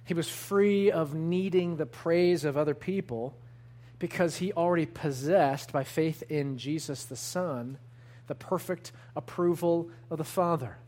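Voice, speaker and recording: A man preaching a sermon, earnest and emphatic, slowing down to lean on key words. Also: fairly high pitch, darkish tone. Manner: earnest, emphatic preaching with slow deliberate stresses. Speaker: pastor.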